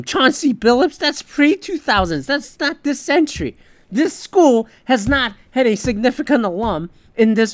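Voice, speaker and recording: A man's voice: high voice, no echo. A man hosting a podcast, delivering a heated, profane, opinionated sports rant in casual talk. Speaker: podcast host.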